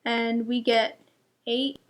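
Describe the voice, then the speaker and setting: High-voiced, slow-paced woman teaching algebra. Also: flat delivery. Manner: patient, walks through each step and checks answers. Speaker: math tutor. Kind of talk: explaining step by step to young students.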